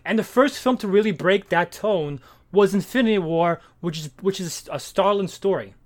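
A man in casual chat, retelling a comic's plot in a rambling, animated way with many fillers and restarts. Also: high voice, normal speed. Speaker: comic book podcast co-host.

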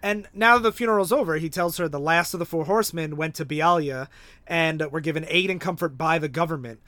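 A man in a casual chat about a comic, explaining the plot in a measured way. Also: on the high side, bright, forceful tone, no echo.

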